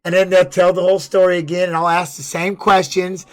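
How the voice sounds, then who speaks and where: High-voiced man telling a profane story. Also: brisk. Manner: profane, animated retelling. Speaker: streamer and former fighter. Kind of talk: casual storytelling on a live stream.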